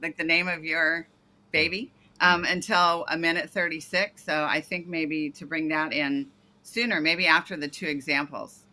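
A woman's voice: sits low, steady tone, normal speed, sharp tone. A woman coaching a startup founder over a video call, giving detailed feedback and often correcting herself mid-sentence.

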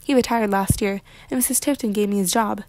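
A woman's voice: mid-range voice, fairly even intonation, fairly quick, a little mellow, no echo, lightly acted. A woman voicing a polite, earnest young male gardener. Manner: polite, eager to please.

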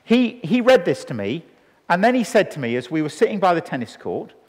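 Lively man preaching in a hall. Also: high-pitched, a little fast. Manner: animated storytelling, acting out dialogue. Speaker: evangelist preacher. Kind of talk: sermon. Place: church hall with a live audience. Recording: long reverb in a hall.

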